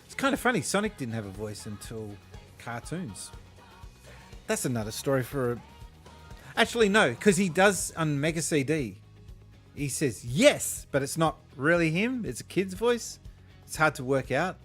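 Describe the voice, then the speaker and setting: Rambling gamer guy, slightly high. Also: very animated, normal speed, a bit bright, husky, faint music behind. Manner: rambling, profane anecdotes with frequent chuckles. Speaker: gaming streamer. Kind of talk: casual gameplay chat.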